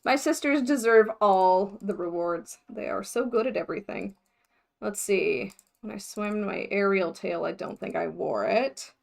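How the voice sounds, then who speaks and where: A young woman talks casually to a livestream chat, her voice sitting at an ordinary middle pitch. She thinks out loud in a scattered, chatty way, breaking off often to laugh. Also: a little slow, vocal fry. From United States. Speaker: mermaid vlogger livestreaming.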